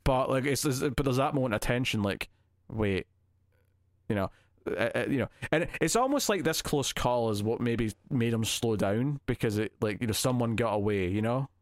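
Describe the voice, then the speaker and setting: In a clean studio recording with no echo, a man with a mid-range voice talks at a normal speed. He's co-hosting a podcast and casually chatting about a film, animatedly retelling it and acting out the scenes in quoted voices.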